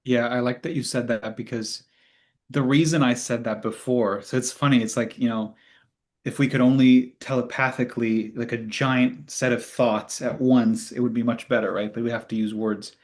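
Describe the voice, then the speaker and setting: A man's voice: medium pitch, fairly even intonation, moderate pace. A man hosting a spiritual Q&A, teaching in an earnest, conversational way and acting out inner thoughts. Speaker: host of spiritual Q&A.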